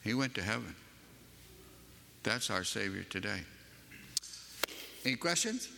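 A man's voice: lowish voice, sing-song, measured pace, gravelly, in a large hall, background noise. A man from Western North Carolina with a Southern accent, preaching a sermon and telling a personal story with emphatic, rising delivery.

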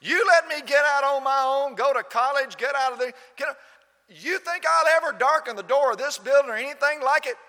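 A man's voice: very high voice, fairly quick, sharp tone, in a large hall, pitched above the performer's own voice. A man preaching a sermon, mimicking a defiant young person scornful of church. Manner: scornful, mocking.

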